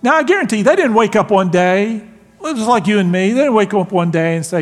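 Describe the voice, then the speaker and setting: A man preaching a sermon as pastor, animated and laughing, acting out quotes. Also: high voice, a little fast, in a large hall.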